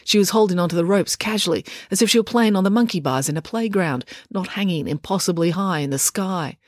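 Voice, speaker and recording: A woman reading a children's adventure story aloud, lively and expressive. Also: on the low side, a little fast, no echo, studio quality. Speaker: audiobook reader. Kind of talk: scripted storybook narration.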